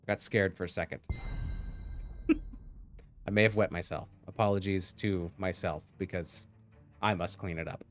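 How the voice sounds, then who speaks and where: A man's voice: deep voice, steady tone, measured pace, long pauses, soft background music. A man casting a live video game match, with goofy, jokey asides between calls. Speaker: esports caster.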